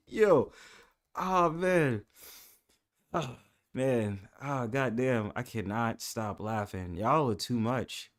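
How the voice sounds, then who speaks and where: Man, New York accent, livestream host, casual chat, frequent laughter, cursing, loud-then-mumbled delivery. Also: on the low side. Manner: laughs often, profane, swings between loud and mumbled.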